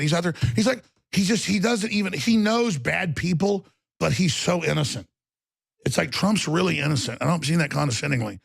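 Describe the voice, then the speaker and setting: Intense, rambling male host with a gravelly, fairly high voice. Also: lively intonation, fairly quick, no echo. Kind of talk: ranting talk show monologue.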